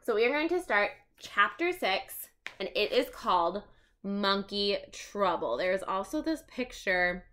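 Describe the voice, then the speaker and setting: A woman's voice: medium pitch, very animated, unhurried, pushed and bright. A woman reading a children's chapter book aloud, adding chatty asides.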